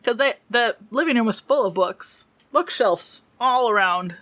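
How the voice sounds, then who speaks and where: A woman running a tabletop game as game master, narrating in a rambling, animated way. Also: on the high side, a little slow.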